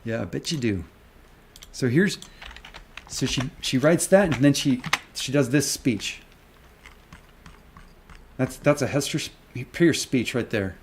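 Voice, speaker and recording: A man's voice: medium pitch, lively intonation, unhurried, pauses often, slight background noise. A man ranting on a live stream, angry and sarcastic, swearing and taunting with rhetorical questions. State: agitated. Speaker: stock market commentator.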